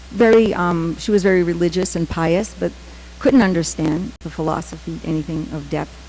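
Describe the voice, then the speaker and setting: A middle-aged woman giving a temple class, telling personal stories with many "um" pauses and acted-out quotes. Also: on the low side, a little mellow, a little hiss or hum, poor audio. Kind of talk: scripture class with personal storytelling.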